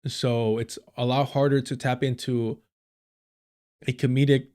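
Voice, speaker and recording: A man's voice: mid-range voice, flat delivery, measured pace, darkish tone, clean tone. Rambling, profane male streamer. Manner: rambling, profane, many fillers. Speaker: streamer reacting to clips. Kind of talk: casual live-stream commentary.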